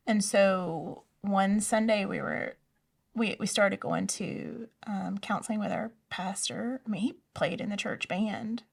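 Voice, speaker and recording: A woman telling her personal story in an interview, soft-spoken and hesitant, often dropping to a near whisper. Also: medium pitch, unhurried, vocal fry, distant mic. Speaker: interview guest. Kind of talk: personal testimony in a conversation.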